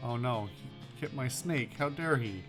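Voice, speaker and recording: Male let's-play host, deadpan and casual, reads on-screen text aloud; average pitch. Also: normal speed, over music. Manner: wry, offhand, deadpan asides.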